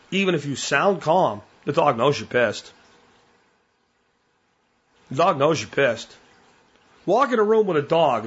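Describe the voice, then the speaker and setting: Blunt, husky-voiced male podcast host. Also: mid-range voice, a bit bright, highs cut off. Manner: blunt, plainspoken, repeats key points. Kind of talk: solo podcast talk.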